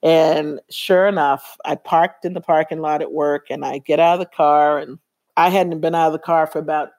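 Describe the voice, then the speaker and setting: A woman guest in an interview, who leads a women's Bible study, tells her personal testimony earnestly while acting out quoted dialogue. She has a low, darkish voice with fairly even intonation and a moderate pace.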